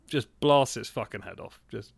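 A man co-hosting a podcast and chatting about a film in a rambling, animated way, swearing and laughing often. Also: fairly low pitch, moderate pace, gravelly, husky, no echo. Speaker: podcast co-host. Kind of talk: casual film chat.

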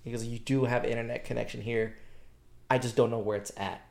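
A man's voice: medium pitch, brisk, gravelly. A young man on a podcast, telling a story in casual chat, slangy and swearing freely, acting out what others said. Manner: animated, slangy, swears freely, acts out quoted dialogue. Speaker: podcast co-host.

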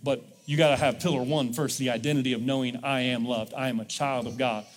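A man's voice: mid-range voice, fairly even intonation, fairly quick, in a large hall. A male pastor preaching a sermon in a church, leading the congregation in call-and-response. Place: church sanctuary.

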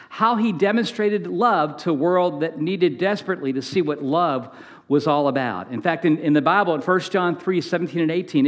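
A middle-aged man preaching a sermon as a guest speaker, talking in a conversational way, often repeating words and polling the audience. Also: fairly high pitch.

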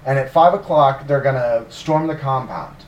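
A man co-hosting a podcast, retelling history in a casual, animated way with fillers, swearing and sarcastic asides. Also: mid-range voice, moderate pace. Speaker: podcast co-host narrating history. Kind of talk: casual storytelling. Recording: roomy, distant mic.

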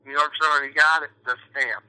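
A man's voice: fairly high pitch, fairly even intonation, a little fast, bright, forceful tone, clear, resonant tone, rough recording. A man from New York, an actor guest chatting casually in an interview, rambling with lots of fillers and restarts.

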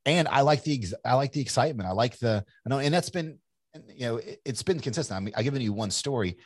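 Guest entrepreneur in his forties, low husky voice, loose and candid, lots of restarts. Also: animated, fast talker, no room sound. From Kentucky, USA. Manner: candid, rambling, frequent restarts. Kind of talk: casual interview storytelling.

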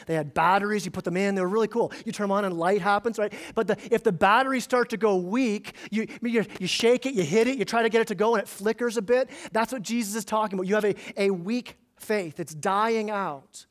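High-voiced man preaching a sermon. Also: brisk, few pauses. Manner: conversational, repeats words when emphasizing. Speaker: pastor.

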